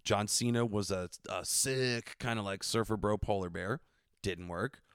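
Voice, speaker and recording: A man co-hosting a podcast in casual chat, with a deadpan, sardonic, cynical manner. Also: on the low side, unhurried, slight background noise. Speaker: podcast co-host.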